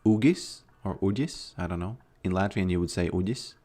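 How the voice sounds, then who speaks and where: A man's voice: low voice, brisk, mellow. A man streaming a game and chatting casually with his viewers, laid-back and often trailing off mid-sentence. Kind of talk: casual livestream chat while gaming.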